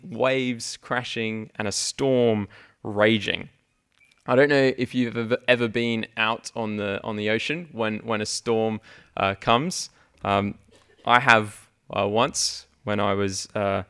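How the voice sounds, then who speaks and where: Halting young man preaching. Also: lowish voice, a bit bright, smooth. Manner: halting, many fillers and restarts, laughs often. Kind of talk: sermon. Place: church hall with congregation.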